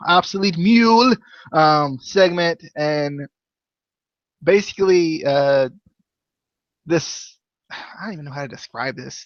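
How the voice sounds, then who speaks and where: A man's voice: fairly high pitch, no echo, lo-fi sound. A man hosting a casual wrestling review podcast, rambling with lots of fillers, restarts and laughter. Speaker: podcast host.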